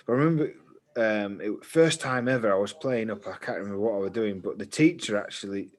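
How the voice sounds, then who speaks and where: A man, co-hosting a casual podcast chat and telling stories in an animated way, laughing easily. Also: lowish voice, brisk. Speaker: podcast co-host.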